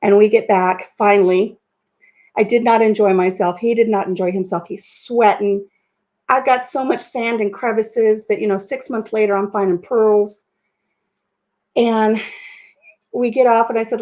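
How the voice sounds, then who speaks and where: A woman's voice: medium pitch, a little slow. Salty, laughing woman telling a story. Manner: animated, self-mocking, with frequent laughs and salty language. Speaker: vlogger. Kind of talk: casual storytelling chat.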